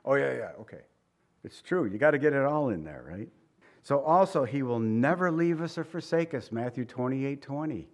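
A man's voice: medium pitch, expressive, moderate pace. A middle-aged man preaching a sermon in a conversational way, asking the listeners rhetorical questions. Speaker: pastor.

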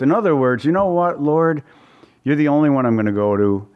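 A man's voice: on the high side, animated, brisk, dull audio. A man preaching a conversational Bible-study sermon in a folksy way, often repeating words and asking his listeners questions.

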